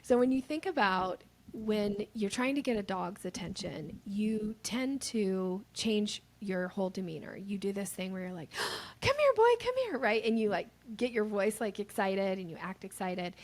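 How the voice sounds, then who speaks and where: A woman sales trainer talking as a podcast guest, explaining her ideas in a conversational, animated way and acting out little examples. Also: medium pitch, normal speed. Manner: animated, acts out examples in lively voices.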